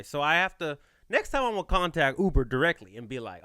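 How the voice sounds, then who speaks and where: A man tells a story on a podcast. His voice sits high and bright for a man and swings widely in pitch. The sound is close and dry. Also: a little fast, smooth, no echo. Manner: animated, playful, slips into quoted voices. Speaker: podcast host. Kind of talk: casual storytelling chat.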